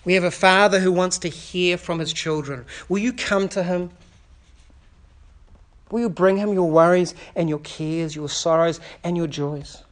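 A man preaching a sermon at a church service, speaking earnestly, often dropping to a soft, quiet delivery and building through repeated rhetorical questions. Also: sits high, fairly even intonation, unhurried. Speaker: pastor.

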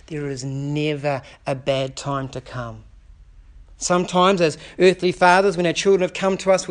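At a church service, a male pastor preaches with earnest conviction, his high voice often falling to a gentle hush as he piles up rhetorical questions one after another.

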